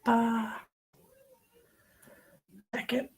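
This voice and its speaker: A woman's voice: a little high, little pitch movement, extremely slow, darkish tone, breathy edge. A woman, a psychic medium, chatting casually on her live stream, greeting viewers by name and rambling through small talk.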